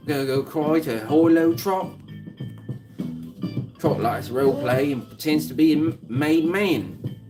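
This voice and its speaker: A man's voice: fairly high pitch, unhurried, long pauses, over music, voice pushed up, close to an everyday voice. A man putting on a mock Australian accent to read out a taunting chat comment as a rowdy male chatter.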